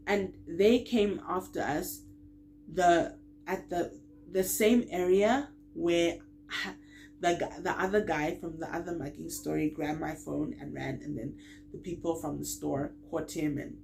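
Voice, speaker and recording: A woman's voice: on the low side, creaky, slight background noise. A young woman vlogger telling a personal story, acting out the quoted lines and laughing as she goes. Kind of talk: storytime vlog.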